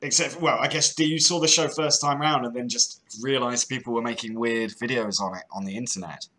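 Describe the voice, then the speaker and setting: Bright-voiced British man hosting calls. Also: mid-range voice, fairly even intonation, a little fast. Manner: chatty, laughing, stumbles over repeated words. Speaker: host of a call-in show. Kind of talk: casual chat with a caller.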